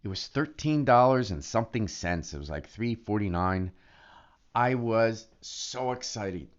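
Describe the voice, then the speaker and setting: A man talking casually in a vlog, excitable and animated, often restarting his sentences. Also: fairly low pitch, a little slow. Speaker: affiliate marketer. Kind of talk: casual vlog talk to camera. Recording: dull lo-fi recording.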